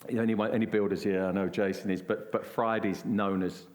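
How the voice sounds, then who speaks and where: A middle-aged man from England telling a story at a church event, animated and acting out what others said. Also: on the low side, brisk. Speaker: guest. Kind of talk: conversational storytelling.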